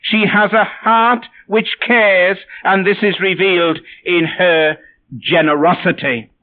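Man, preacher, high voice, wry self-deprecating anecdotes, tinny phone-like recording. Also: steady tone, takes it slowly. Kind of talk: sermon with personal anecdotes.

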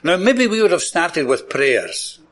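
A man's voice: on the high side, huge pitch swings, unhurried, fairly bright tone. A man with a Scottish accent preaching a sermon, enthusiastic, repeating words for emphasis and chuckling often.

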